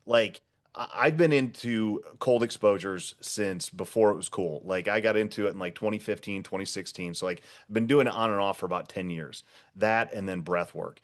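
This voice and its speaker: A man's voice: lowish voice, steady tone, normal speed. A man in casual podcast conversation, rambling with fillers and restarts, blunt and casual in his swearing. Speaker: podcast guest, former first responder.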